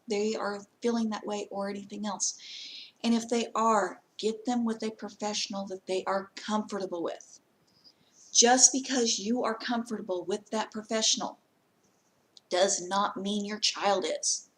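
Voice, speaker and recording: A woman's voice: medium pitch, rough recording. Earnest plainspoken woman vlogger. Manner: plainspoken and earnest, giving direct advice with frequent pauses. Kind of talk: casual talk to camera.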